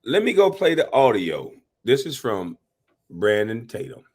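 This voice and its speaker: Animated, profane man on a livestream. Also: medium pitch, a little slow, breathy edge. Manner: animated, profane, gives shout-outs to chat. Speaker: livestream reaction host. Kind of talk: live reaction commentary.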